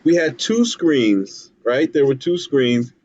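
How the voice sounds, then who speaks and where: A man's voice: medium pitch, animated, slow, darkish tone, no room sound. A man co-hosting a casual live stream, rambling with many fillers and restarts over a video call. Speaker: co-host. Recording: dull lo-fi video call audio.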